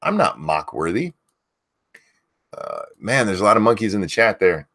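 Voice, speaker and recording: A man hosting a casual live stream, loudly calling out viewers' names and talking frankly with mild swearing. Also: fairly low pitch, very animated, moderate pace. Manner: loudly calls out viewer names, then drops back to easy talk. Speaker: host of a live stream show.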